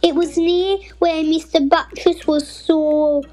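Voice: sits high, little pitch movement, a little slow, a little mellow, low-quality recording. A child reading a storybook aloud carefully, with small slips and self-corrections. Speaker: reader.

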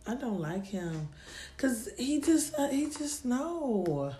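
A woman with a lively, swooping pitch chimes in with short, blunt reactions during a casual podcast chat and swears now and then. Her voice rings in an echoey room with faint hiss. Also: slow pace. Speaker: podcast co-host.

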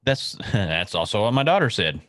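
A man's voice: lowish voice, big pitch swings, moderate pace, fairly bright tone, no echo. A man co-hosting a casual chat about a show, who laughs often and chimes in with short agreements. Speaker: co-host.

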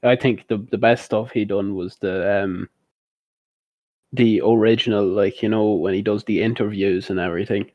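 Brief: young Irish lad and podcast co-host, an animated storyteller, on a muffled, dry track. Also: male voice, on the low side, moderate pace, no room sound. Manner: animated storyteller, laughs often. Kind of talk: casual chat. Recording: dull dry recording.

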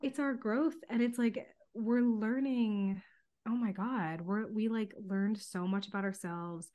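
A woman's voice: medium pitch, steady tone, unhurried, a little mellow. A woman co-hosting a podcast in casual chat, upbeat and supportive, laughing often. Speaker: podcast co-host.

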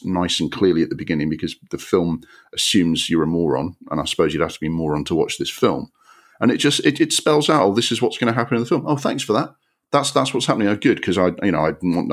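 A man's voice: deep voice, a bit bright. A man hosting a podcast, giving an exasperated, sweary and sarcastic film review rant. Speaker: podcast host.

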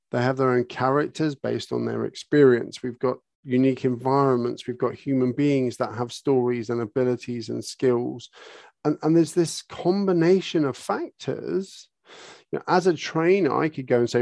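Gravelly man explaining eagerly. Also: medium pitch, dry recording, clean studio sound. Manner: animated, explains by acting out dialogue. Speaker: horse trainer. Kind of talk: podcast interview answers.

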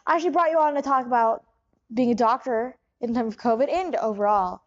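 A woman's voice: a little high, fairly quick, dull audio. A woman hosting a comic improv interview, asking probing, incredulous questions. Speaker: interviewer host.

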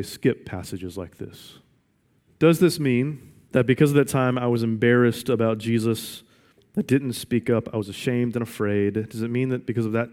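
A man's voice: lowish voice, a little mellow. A man preaching a sermon as pastor, emphatic and repeating his questions for weight. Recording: long reverb of a large hall.

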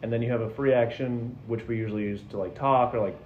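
Quick-talking man explaining game rules. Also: mid-range voice, fairly even intonation, slight background noise. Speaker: player. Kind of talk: tabletop game chat. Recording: roomy, dull lo-fi recording.

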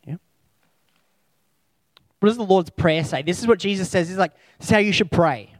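A man's voice: sits high, normal speed, no echo. Man preaching a conversational sermon. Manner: conversational, reflective, with spoken lists.

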